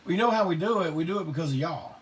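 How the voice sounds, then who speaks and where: A middle-aged man, hosting a live online show and telling stories casually, salty and quick to laugh. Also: on the high side, animated. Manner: laid-back Southern drawl, salty, laughs often. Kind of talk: casual storytelling to a live audience. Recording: distant mic with faint background noise.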